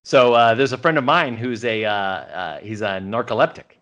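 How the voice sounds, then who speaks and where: A man's voice: medium pitch, normal speed. A man co-hosting a casual podcast, recapping a TV episode and acting out bits of the dialogue as he goes. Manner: animated storytelling, acts out quoted lines.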